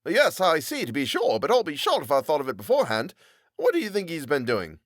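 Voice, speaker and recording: A man's voice: a little high, huge pitch swings, fairly quick, fairly bright tone, no echo, studio quality, voice pushed up. A man doing a blustering gossipy tailor. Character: boastful chatty male tailor. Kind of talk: audiobook character voice.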